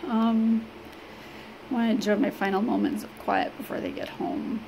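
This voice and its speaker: A woman from Illinois talks to the camera in a personal vlog, halting and rambling with many fillers. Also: mid-range voice. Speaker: vlogger. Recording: steady background noise.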